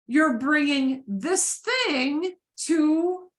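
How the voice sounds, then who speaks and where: A woman's voice: high voice, expressive, extremely slow. A woman teaching a beginners' Spanish class, patiently repeating phrases for her students to echo.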